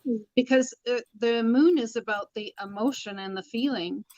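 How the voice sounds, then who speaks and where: A woman's voice: a little high, moderate pace, a little mellow, no echo, dull audio. A woman hosting a casual spiritual chat about tarot, speaking earnestly and acting out quoted inner voices. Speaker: tarot reader and host.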